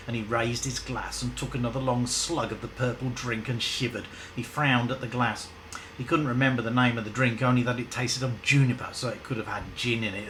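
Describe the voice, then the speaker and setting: A man's voice: mid-range voice, a bit bright, poor audio. A male storyteller with a mid-range voice who reads his story loosely and keeps stepping out of it for chatty asides. There is faint background noise behind him. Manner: chatty, breaks off into asides and laughs. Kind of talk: casual story reading with asides.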